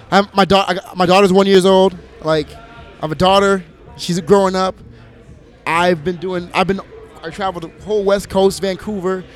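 A man from Minneapolis, a DJ and producer, chatting as an interview guest, telling stories with lots of swearing and laughter. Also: sits high. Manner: animated storyteller, swears freely, laughs often. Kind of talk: casual interview chat.

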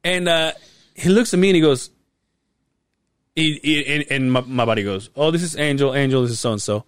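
A man's voice: mid-range voice, normal speed, clean tone, no room sound, clean studio sound. A young man co-hosting a podcast, telling a long casual story full of swearing and quoted voices. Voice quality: profane, animated retelling with quoted voices. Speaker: podcast co-host.

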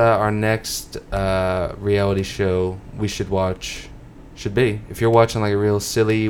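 A man's voice: lowish voice, slight background noise. A man co-hosting a podcast in casual chat, loose and jokey, laughing often. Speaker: podcast co-host.

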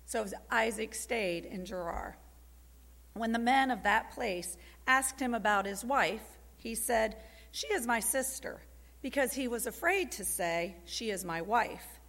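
Woman reading bible verses, steady pace, bit of fry, big echoey hall. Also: on the high side, unhurried. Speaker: scripture reader. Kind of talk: scripture reading. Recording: gravelly voice in a long hall reverb.

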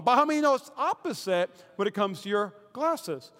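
A man preaching a sermon as pastor, telling lively stories with acted-out quotes and loud asides. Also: very high-pitched, brisk, few pauses. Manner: energetic storytelling with shouted asides and acted quotes. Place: church hall. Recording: roomy hall reverb.

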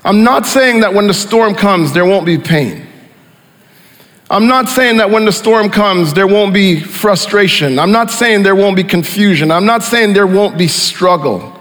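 A pastor preaching a sermon with emphatic repeated phrases, dropping quieter for scripture. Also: male voice, sits high, animated, measured pace, in a large hall.

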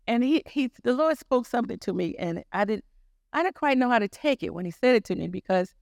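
A woman's voice: on the high side, expressive, brisk, gravelly, darkish tone, dry recording, clean studio sound. An older woman preaching a sermon, telling her own story in an earnest, repetitive way.

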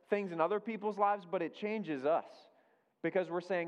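A man's voice: high-pitched, moderate pace. A man pastor giving a conversational sermon, repeating his key phrases for emphasis. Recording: dull lo-fi sound with long hall reverb.

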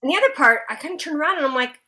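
A woman guest telling an animated, self-deprecating anecdote in casual chat, full of "like" and "you know". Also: sits high, racing. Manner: lively, self-deprecating storyteller with many fillers. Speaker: actress guest.

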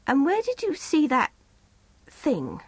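A woman voicing a methodical village husband who asks questions in a slow, probing way. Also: sits high, wildly swooping pitch, no room sound, pitched above the performer's own voice, exaggerated voice.

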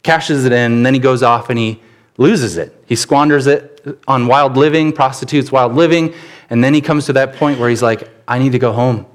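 A man preaching a church sermon, telling stories with sudden bursts of animation. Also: moderate pace. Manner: animated storytelling with sudden rises in pitch. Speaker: pastor.

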